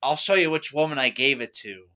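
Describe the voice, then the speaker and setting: A young man rambling boastfully to camera, excitable, swinging between loud bursts and mutters. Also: mid-range voice, fairly quick. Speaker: vlogger.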